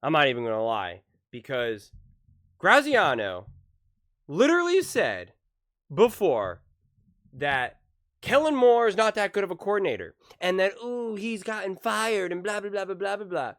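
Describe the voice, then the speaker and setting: A man's voice: sits high, very animated, moderate pace, a bit bright. A man doing a reaction commentary on football news, emphatic and exasperated, ranting with frequent restarts. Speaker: sports commentary youtuber.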